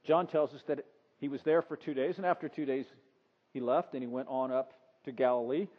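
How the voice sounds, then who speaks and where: Preaching in a conversational style, this pastor brings the story to life by performing the characters' voices. He talks fairly quickly in a steady, mid-range voice, captured in a dull-sounding recording with lengthy reverb.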